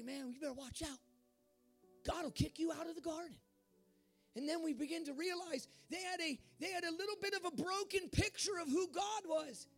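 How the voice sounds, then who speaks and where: A man preaching a sermon in a fervent way, at times rising to shouts. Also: very high voice. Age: adult.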